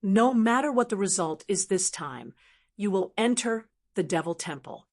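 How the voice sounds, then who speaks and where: A woman's voice: medium pitch, animated, moderate pace. A woman reading an audiobook voices a junior disciple reporting to a senior sister. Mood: eager. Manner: hushed report.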